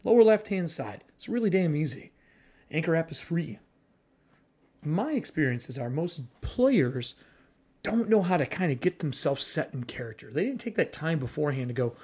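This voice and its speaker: Man, podcast host, casual solo talk, blunt, swears a lot, husky voice, lively intonation. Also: fairly high pitch, normal speed.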